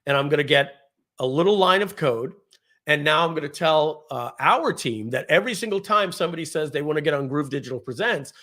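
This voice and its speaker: A man hosting a live software webinar, giving an energetic, salesy screen-share demo and clearing his throat often. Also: a little high, fairly quick. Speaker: webinar host, software founder.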